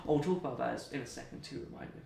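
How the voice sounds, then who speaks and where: A man's voice: mid-range voice, rapid-fire, creaky, dark tone, slight background noise. A young man, an interview guest, telling rambling, joking stories full of slang. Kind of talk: anecdotal storytelling. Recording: roomy, distant mic.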